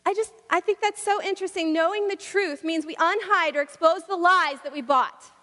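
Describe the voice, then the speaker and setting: A woman's voice: very high-pitched, moderate pace, pushed and bright, big-room sound. A woman preaching a sermon in a church, with rhythmic, repetitive and emphatic delivery.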